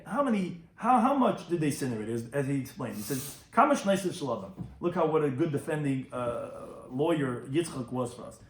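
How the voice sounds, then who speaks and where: Animated rabbi teaching Talmud, echoey room. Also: male voice. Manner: animated, rises in pitch to stress points. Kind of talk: Talmud lecture.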